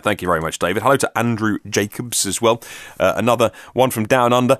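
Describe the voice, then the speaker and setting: A man's voice: fairly low pitch, fairly quick, a bit bright, no echo, clean studio sound. A man hosting a solo podcast, reading out listener messages with chatty, self-mocking asides. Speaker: podcast host.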